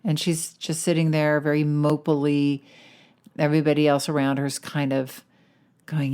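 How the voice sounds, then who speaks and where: A middle-aged woman with a low voice who hosts a weight loss coaching podcast. She talks in a chatty, encouraging monologue and leans into key words with animated emphasis. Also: unhurried.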